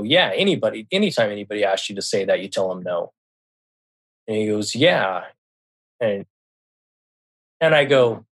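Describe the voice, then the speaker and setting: A man from Seattle telling a personal story as a podcast guest, retelling conversations with frequent restarts and occasional swearing. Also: mid-range voice. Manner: emotional retelling with frequent restarts, quotes himself and others; swears when upset. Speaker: podcast guest, left-behind parent.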